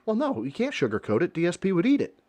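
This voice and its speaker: A man's voice: high-pitched, wildly swooping pitch, quick pace, a little mellow, dry recording. A man reacting to a video on his stream, making sarcastic and profane rambling asides. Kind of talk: casual reaction commentary.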